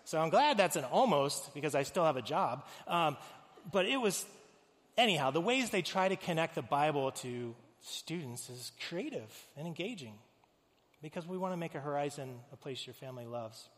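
A man preaching to his church, an animated storyteller who slips into the voices of the characters he describes. His voice sits a little high for a man. The sound carries a long reverb from the hall. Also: moderate pace. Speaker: pastor. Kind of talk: sermon. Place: church auditorium.

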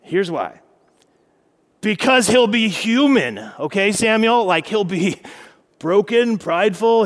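A man's voice: high-pitched, in a large hall, pitched above the performer's own voice. A man voicing God as a patient, wry male figure who explains emphatically.

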